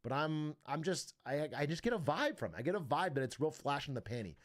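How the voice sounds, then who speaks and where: Young male streamer, expressive pitch, loose profane chatter. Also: brisk. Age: young adult. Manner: rambling, profane, laughs often. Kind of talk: casual stream chat.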